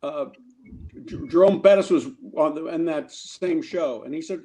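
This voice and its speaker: A man's voice: a little high, moderate pace. A male guest actor telling a casual, funny anecdote, stammering now and then and acting out what other people said. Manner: animated storyteller who acts out other people's lines.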